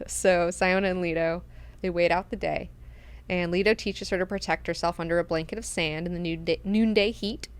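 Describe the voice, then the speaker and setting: A woman hosting a book club, recapping chapters in an animated, slangy, profane way. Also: fairly low pitch, moderate pace, clear, resonant tone.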